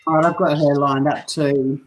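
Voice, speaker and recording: A woman's voice: deep voice, level tone, normal speed, low-quality recording. A woman hosting a long livestream on a video call, chatting casually and laughing often. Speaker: livestream host.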